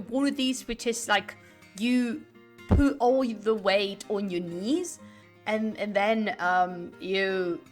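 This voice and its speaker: Woman streamer, casual rambling chat with many restarts, a little off-mic, faint music underneath. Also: fairly high pitch. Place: home room. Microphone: desk mic, sitting away from it.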